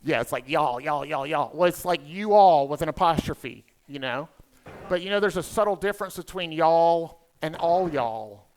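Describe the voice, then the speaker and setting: Southern man doing quick crowd work. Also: on the high side, expressive. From South Carolina. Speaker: emcee comedian. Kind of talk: stand-up comedy emcee. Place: conference hall stage.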